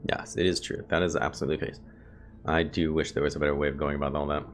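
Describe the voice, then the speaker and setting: Very deep gravelly man gaming. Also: flat delivery, very fast. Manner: chatty, thinks aloud, talks to chat viewers. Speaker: gameplay video host. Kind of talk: casual let's play commentary. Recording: game music playing behind.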